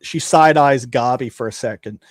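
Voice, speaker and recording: A man's voice: medium pitch, normal speed, no room sound. A man running a tabletop game as game master, narrating and joking with the players. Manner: animated, jokey.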